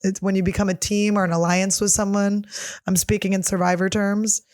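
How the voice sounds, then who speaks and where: A woman's voice: mid-range voice, little pitch movement, a little fast, darkish tone. A woman comedian hosting her show in a casual solo chat, reading fan questions aloud and answering them in a blunt, profane, jokey way, often laughing.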